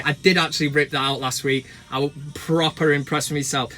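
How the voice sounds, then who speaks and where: A man hosting a casual football chat from inside a van while driving, with cheeky, animated banter. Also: on the high side, fairly quick, few pauses. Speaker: host.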